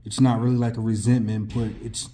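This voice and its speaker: A man's voice: medium pitch, level tone, fairly quick, warm tone. A man hosting a casual interview, asking careful and hesitant follow-up questions. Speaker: podcast host.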